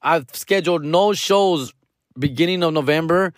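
A man's voice: on the high side, normal speed, no echo, studio quality. A man in his forties hosting a comedy podcast, rambling casually in slangy, profane talk with Spanish words mixed in. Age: 40s.

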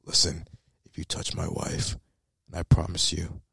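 A man putting on a low growling tough-guy threat voice. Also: monotone, normal speed, vocal fry, a bit bright, slightly rough, no echo, heavily acted. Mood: menacing.

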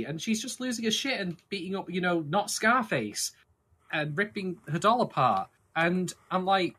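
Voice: mid-range voice, big pitch swings, a little slow, fairly bright tone, breathy edge. A podcast co-host in casual chat, emphatic and profane while complaining about a scene.

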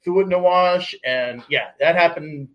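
A laid-back man with a slightly high voice chats as a podcast co-host. He goes along easily with the others and tells his work stories plainly. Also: muffled recording. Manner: easygoing, quick to agree and laugh. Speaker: podcast co-host, police officer. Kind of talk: casual chat.

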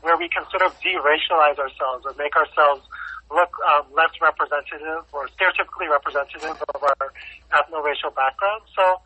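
A man's voice: fairly high pitch, steady tone, a little fast, breathy edge. Hesitant Canadian man on a tinny line. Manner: hesitant, many ums and likes. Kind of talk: casual discussion. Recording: tinny phone-like call audio.

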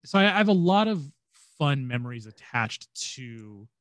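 A man's voice: medium pitch, very animated, normal speed, no room sound. A young man chatting casually as a podcast co-host, rambling with many fillers and restarts. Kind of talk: casual fan chat.

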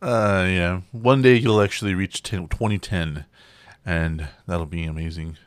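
A man hosting a podcast in casual chat, swearing and ranting with animated energy. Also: sits low, a little slow, no echo. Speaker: podcast host.

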